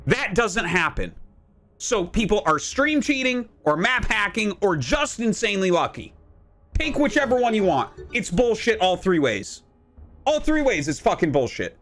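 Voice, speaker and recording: A man in his thirties streaming a video game, ranting in a profane, exasperated way and sometimes breaking into shouts. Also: high voice, sing-song, moderate pace. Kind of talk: casual stream rant.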